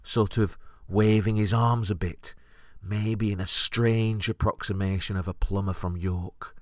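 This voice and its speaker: Wry deep-voiced man telling a story. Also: unhurried, no room sound, studio quality. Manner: wry, deadpan recollection. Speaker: podcast host. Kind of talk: comic storytelling monologue.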